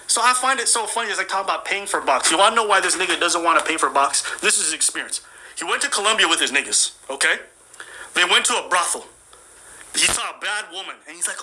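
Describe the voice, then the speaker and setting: A man's voice: high voice, animated, fast, pushed and bright, slight background noise, low-quality recording. A man delivering a profane, mocking comedic rant as a commentator.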